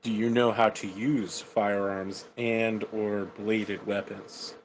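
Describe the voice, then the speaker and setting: A blunt, businesslike male adventurer questions a new recruit, voiced by a man in a tabletop actual play. The voice sits fairly low, with a faint hum underneath. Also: little pitch movement, takes it slowly, poor audio. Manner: straightforward questioning.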